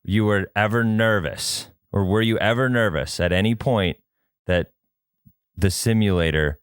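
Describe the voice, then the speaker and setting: Man, co-host, dry skeptical questioner, lowish voice, dry close mic. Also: unhurried, smooth, no room sound. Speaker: podcast co-host. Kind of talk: casual golf chat.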